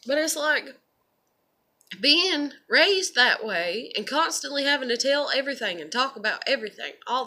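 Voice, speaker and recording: High-voiced woman, candid and profane. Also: bright, forceful tone. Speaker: vlogger and mother. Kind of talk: casual monologue.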